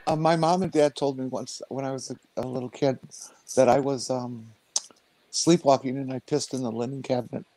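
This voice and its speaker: A man's voice: medium pitch, steady tone, moderate pace, warm tone, poor audio. A man on a casual chat panel, teasing and bantering.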